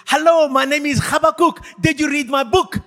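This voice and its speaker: A man voicing a cheerful male Old Testament prophet, shouting in a high-pitched voice. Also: fairly even intonation, normal speed, long reverb tail. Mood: eager.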